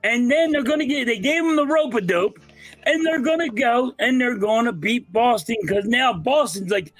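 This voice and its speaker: A man's voice: very high-pitched, lively intonation, normal speed, fairly bright tone, soft background music. A man co-hosting a casual sports debate, making insistent, emphatic predictions. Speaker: co-host.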